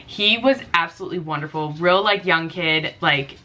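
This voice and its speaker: Bright-voiced chatty woman vlogger. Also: lowish voice, moderate pace. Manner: chatty, frequent "like", laughs easily. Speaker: beauty vlogger. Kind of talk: casual storytime.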